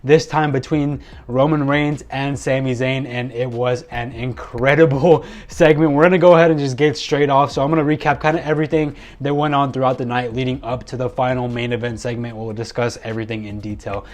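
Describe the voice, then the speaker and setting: A man's voice: medium pitch, steady tone, a little fast, hardly any pauses. A man giving a loose, rambling solo recap of a wrestling episode from his notes, with many fillers and self-corrections. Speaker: wrestling show reviewer.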